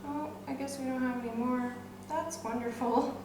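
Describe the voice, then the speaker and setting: A woman's voice: sits high, steady tone, moderate pace, noisy background. A young woman vlogging casually to camera about her day, chatty and upbeat, filling her talk with "like", hot and sweaty in a house. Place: house in Bali, indoors. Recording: echoey room with faint ambience.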